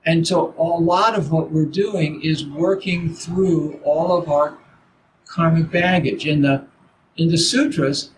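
An older man teaching Zen in a halting dharma talk, full of restarts and "you know"s. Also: on the high side. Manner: halting, repeats words, many "you know"s. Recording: noisy background.

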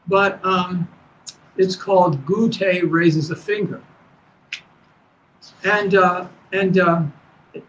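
A man teaching as a Zen teacher, giving a dharma talk to students in a halting, conversational way full of restarts. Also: sits high, fairly bright tone, slight background noise, rough recording.

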